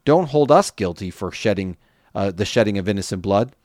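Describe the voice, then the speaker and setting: A man's voice: lowish voice, expressive, a little fast, darkish tone, no echo, studio quality, lightly acted. A man reading aloud the words of terrified sailors questioning a stranger and begging for mercy. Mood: pleading. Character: terrified group of male sailors.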